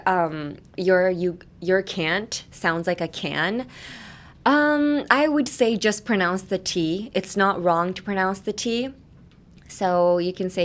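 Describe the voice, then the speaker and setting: A woman hosting a podcast English lesson, explaining phrases in Japanese and English and demonstrating sounds slowly. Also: on the low side. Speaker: host, English teacher.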